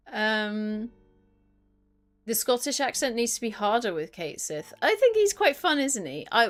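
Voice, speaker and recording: Chatty British woman game streamer. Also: fairly low pitch. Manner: rambling and chatty with many "um"s, excitable when reacting to chat. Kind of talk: casual live-stream chat.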